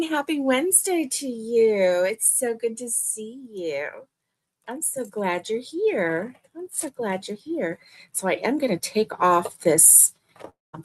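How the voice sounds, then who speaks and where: An older woman hosting a crochet live stream, chatting in a gushing, friendly way and laughing easily. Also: medium pitch. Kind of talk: casual live stream chat.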